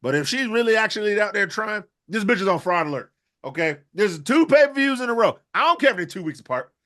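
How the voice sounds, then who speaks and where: A man with a high, bright voice delivers a rambling comic rant. His talk is loose and profane, full of riffs. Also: big pitch swings, fast talker. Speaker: podcast co-host. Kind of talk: comedic rant.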